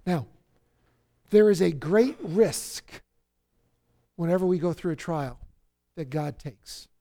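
A man preaching a sermon who acts out the psalmist's cries, swinging from loud outbursts to near-whispers. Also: high voice, lively intonation, slow pace. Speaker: pastor.

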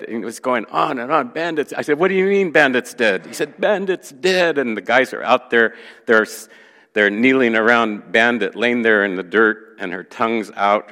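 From the pulpit, a male pastor tells a story as sermon storytelling, animatedly acting out the voices of the people in it. His voice sits low, with a big-room sound.

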